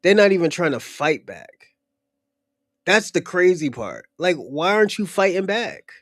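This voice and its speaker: Blunt, high-voiced man, dry sound. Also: sing-song, measured pace, a bit bright, dry recording. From United States. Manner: blunt, profane, heated, repeats himself. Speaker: podcast host. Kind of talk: casual unscripted discussion.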